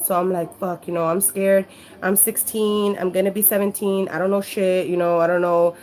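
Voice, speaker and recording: A woman's voice: on the low side, flat delivery, moderate pace, darkish tone. A woman telling her story casually to a handheld camera, rambling with frequent "you know" and freely swearing. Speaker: vlogger sharing her life story. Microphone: handheld camera at arm's length.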